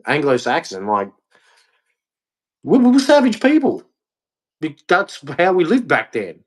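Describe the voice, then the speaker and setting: A man's voice: on the high side, wildly swooping pitch, a little slow, slightly rough. An Australian man delivering a heated, blunt opinion rant, repeating himself and swearing. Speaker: vlogger.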